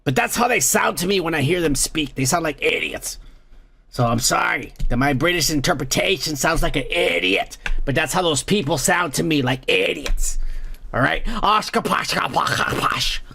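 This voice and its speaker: A man's voice: fairly high pitch, normal speed, creaky, bright, forceful tone, slight background noise. A man hosting a comedy podcast, ranting crudely about the news and raising toasts while drinking. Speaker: podcast host. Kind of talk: profane comedic news rant.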